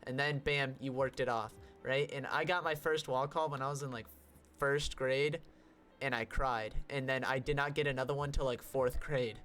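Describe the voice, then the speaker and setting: A young man co-hosting a podcast, telling a story in a casual, animated way and swearing often. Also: mid-range voice, moderate pace, faint music behind. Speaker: podcast co-host.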